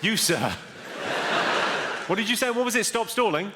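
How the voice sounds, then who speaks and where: A man doing stand-up on a theatre stage, his deadpan, brisk delivery sitting a little high. The stage mic carries a long reverb from a large hall, with loud audience noise behind him. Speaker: stand-up comedian. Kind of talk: stand-up comedy with crowd work.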